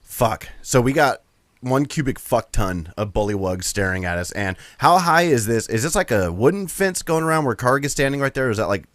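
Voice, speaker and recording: A man playing a tabletop game, joking and swearing as he asks quick questions. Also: mid-range voice, lively intonation, fairly bright tone, no room sound. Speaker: player. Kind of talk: casual tabletop game chat.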